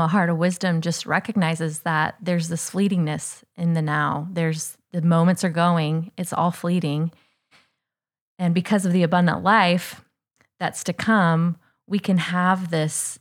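A woman co-hosting a reflective faith conversation, speaking thoughtfully and often saying "you know" and "like.". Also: low-pitched. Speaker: podcast co-host.

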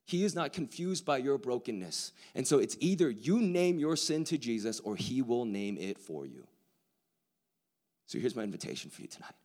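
In a large hall before hundreds of people, a male preacher delivers a sermon, swinging between a hushed near-whisper and loud excitement and using casual slang. His voice is medium in pitch at a normal speed.

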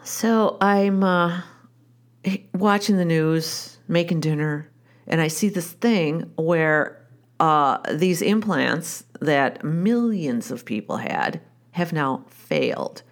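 A woman's voice: deep voice, slow. A woman, a wife and mother, telling a personal story in a candid, wry, conversational way, often restarting her sentences.

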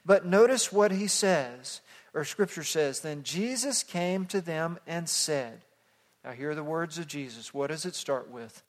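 A man preaching an expository sermon as pastor, moving from hushed passages to loud emphatic calls that the congregation repeats. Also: on the high side, animated, unhurried. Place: church sanctuary. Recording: long hall reverb.

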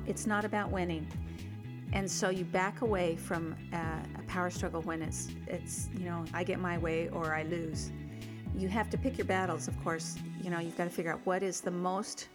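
A middle-aged woman giving parenting advice in a conversational way, sharing personal stories and often restarting her sentences. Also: on the low side. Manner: earnest, rambling with frequent restarts. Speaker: parenting expert guest. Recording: reverberant hall with faint music.

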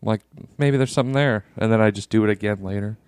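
A man's voice: fairly low pitch, fast talker, a little mellow, smooth, no room sound, clean studio sound. A man co-hosting a podcast, telling stories in a laid-back way with lots of fillers. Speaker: podcast co-host. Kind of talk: casual chat.

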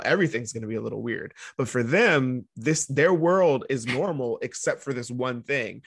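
A man co-hosting a podcast in casual chat, animated, laughing often and acting out quotes. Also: mid-range voice, no room sound, clean studio sound. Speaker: podcast co-host.

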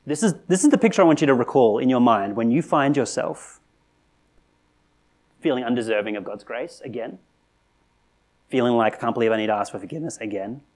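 A man's voice: medium pitch, a little fast, long pauses. Earnest male preacher, conversational sermon. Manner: earnest, rising to animated emphasis with rhetorical questions; conversational with frequent restarts and "right?".

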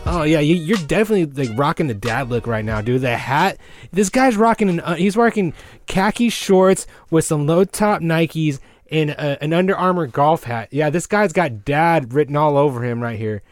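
A man's voice: fairly high pitch, animated, moderate pace, no echo, faint music behind. A man co-hosting a casual podcast from a studio, rambling in a laid-back way and saying "dude" often. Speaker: podcast co-host. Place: small recording studio. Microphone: studio microphone.

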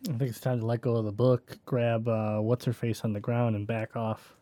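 A man's voice: medium pitch, level tone, moderate pace, mellow, dry recording. A man playing a tabletop game, thinking aloud and hesitant as he plans his moves. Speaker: player. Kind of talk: casual tabletop game chat.

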